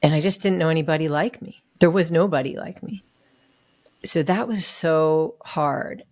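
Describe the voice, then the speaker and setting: A woman's voice: low voice, moderate pace, a little mellow, no room sound, studio quality. A woman guest on a podcast, sharing a hard personal story in an earnest, emotional way. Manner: earnest, emotional, acts out what others said. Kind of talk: candid personal story in an interview.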